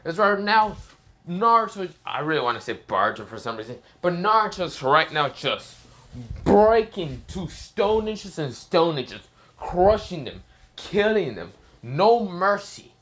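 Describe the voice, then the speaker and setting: A man's voice: high-pitched, big pitch swings, unhurried, fairly bright tone. A man casually telling an improvised fan story, rambling and swearing, full of fillers and self-corrections.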